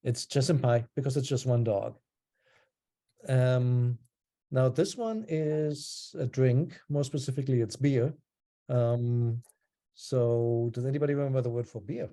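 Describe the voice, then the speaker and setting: A man teaching an online language class, explaining in a relaxed way with frequent ums and pauses. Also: medium pitch.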